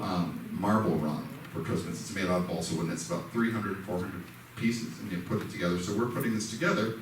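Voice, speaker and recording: A man giving a casual, conversational lesson at a church, telling personal stories. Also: sits low. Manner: conversational, self-deprecating, acts out quoted dialogue. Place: church sanctuary. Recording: echoey hall, mic far off, faint noise.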